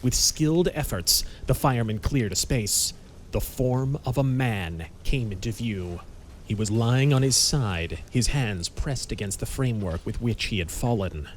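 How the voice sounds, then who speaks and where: A man narrating a pulp audiobook in a measured, dramatic storytelling manner. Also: medium pitch, a little hiss or hum.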